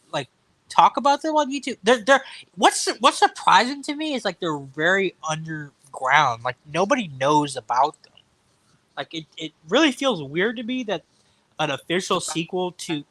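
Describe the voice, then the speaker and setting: A man chatting casually about books and films, animated and jokey, swearing now and then. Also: fairly high pitch, dry recording. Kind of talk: casual chat.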